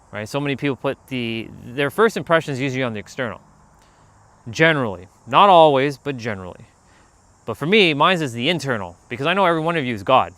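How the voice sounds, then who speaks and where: A man hosting a casual outdoor livestream, talking in a rambling, animated way and calling out to people passing by. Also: medium pitch, no room sound. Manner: rambling, animated, calls out to passersby. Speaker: livestream host. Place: outdoors near a park.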